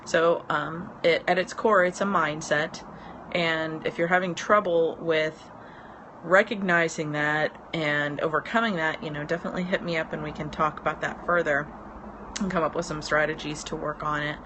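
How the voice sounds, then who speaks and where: In a low, steady voice and at a moderate pace, a business mentor in her thirties rambles on a porch live stream, full of ums and relaxed laughs. Traffic from the road can be heard outside.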